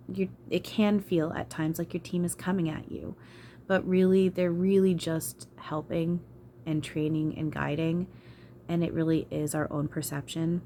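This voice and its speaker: Low-voiced frustrated woman vlogging. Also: a little mellow, a little hiss or hum. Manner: frustrated, sighing, swearing. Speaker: spiritual channeler. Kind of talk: emotional vlog talk.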